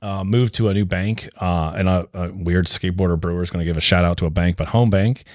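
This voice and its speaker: Brewery co-founder man, low voice, loose storyteller full of fillers and restarts. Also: steady tone, fast, dry recording, studio quality. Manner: rambling, filler-heavy, restarts a lot. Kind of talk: casual podcast storytelling.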